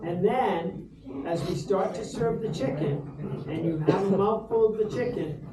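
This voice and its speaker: A man's voice: sits high, moderate pace, a crowd in the background. A middle-aged man from Rhode Island giving a humorous, rambling toast to dinner guests in a restaurant, with lots of ums. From Rhode Island, USA. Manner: humorous anecdotal storyteller, many fillers. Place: restaurant dining room. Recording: roomy echo from far off, background noise.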